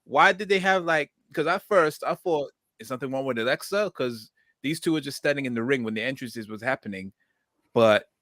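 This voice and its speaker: A man hosting a casual chat with an ordinary, mid-pitched voice. He rambles and hesitates, stumbling and restarting his sentences. The recording is dry and close to the mic. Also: sharp tone, no room sound. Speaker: podcast host.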